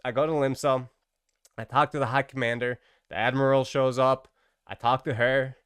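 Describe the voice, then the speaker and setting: Slangy, profane male gaming storyteller with a clear voice and a dry sound. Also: medium pitch, normal speed, no echo. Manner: animated, profane, slangy, exaggerating. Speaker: gaming video creator. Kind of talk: comic storytelling vlog.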